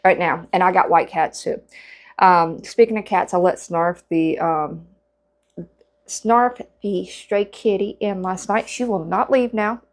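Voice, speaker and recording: A woman's voice: on the low side, fairly even intonation, unhurried. A woman chatting casually to camera while crocheting, rambling with lots of fillers and restarts. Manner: chatty and rambling, with many fillers and self-corrections. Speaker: vlogger.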